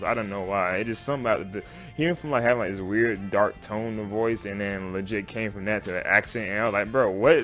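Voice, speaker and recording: A man casually reviewing a show for his channel, rambling and excited, full of slang and fillers. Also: on the low side. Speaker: YouTube reviewer.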